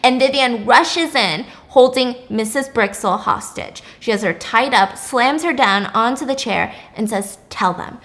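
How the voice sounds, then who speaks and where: A woman's voice: on the high side, a little slow, hardly any pauses, fairly bright tone. A young woman vlogger narrating a story casually, with blunt, emphatic asides.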